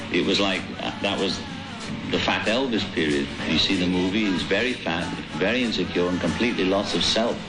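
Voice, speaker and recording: A man speaking frankly and self-critically in an archive interview about his past. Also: low voice. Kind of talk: reflective interview talk. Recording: roomy archive audio under loud music.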